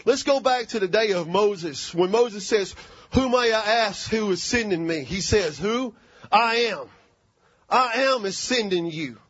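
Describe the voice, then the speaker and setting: Fervent preacher man, high voice. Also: expressive, measured pace, fairly bright tone, dry recording, dull audio. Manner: fervent, calls for amens. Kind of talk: sermon.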